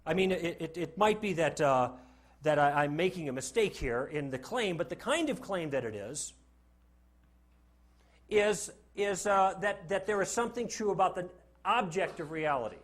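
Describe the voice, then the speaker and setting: A man's voice: high voice, animated, normal speed. A man giving a classroom lecture to a live audience, joking and putting rhetorical questions to the class.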